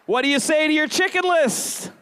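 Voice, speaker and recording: A man giving a high-energy stage pep talk, rallying the crowd with call-and-response questions and shouted bursts of hype. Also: normal speed, no echo. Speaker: motivational event speaker.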